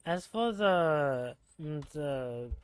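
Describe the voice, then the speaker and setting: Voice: mid-range voice, expressive, very slow, smooth, dry recording. A streamer chatting casually while gaming, thinking aloud with fillers.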